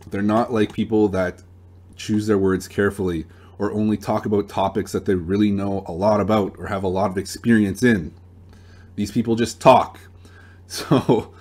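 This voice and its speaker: A young man hosting an advice channel, talking in a relaxed, plain-spoken monologue with a few restarts. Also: lowish voice. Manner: relaxed, plain-spoken, uses gun comparisons, some restarts. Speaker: dating advice channel host.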